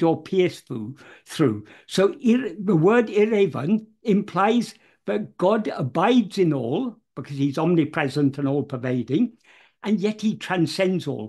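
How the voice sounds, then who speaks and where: A man explaining a devotional verse word by word in an unscripted talk, measured and careful, often pausing on fillers and correcting himself. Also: high-pitched, darkish tone, husky.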